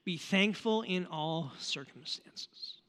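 Male pastor, bright and slightly high voice, chatty sermon delivery, long church-hall reverb. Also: slow. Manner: conversational, asks the congregation questions, repeats words. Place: church auditorium.

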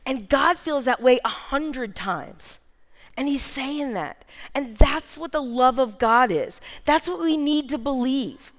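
A woman in her thirties delivers an earnest sermon in a high voice, leaning hard on repeated phrases. She speaks at an unhurried pace, and her words ring with the long reverb of a large church hall. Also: animated. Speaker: speaker preaching.

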